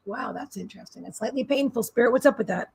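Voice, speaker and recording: A woman's voice: on the high side, fast, gravelly, slightly rough. A middle-aged woman, a psychic healer giving a live-streamed spiritual reading in a rambling, repetitive, soothing way.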